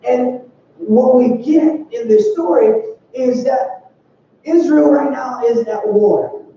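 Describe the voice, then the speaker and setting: A young man giving a youth sermon in a church, telling a story in an animated way with playful acted quotes. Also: extremely high pitch, slow pace, slight background noise. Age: young adult. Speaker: youth speaker. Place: church sanctuary. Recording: dull, distant, roomy church sound.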